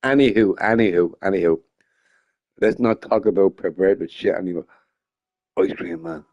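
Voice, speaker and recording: A man's voice: low-pitched, moderate pace, highs cut off. A drunk man rambling and joking crudely while streaming a game. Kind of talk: casual stream chat.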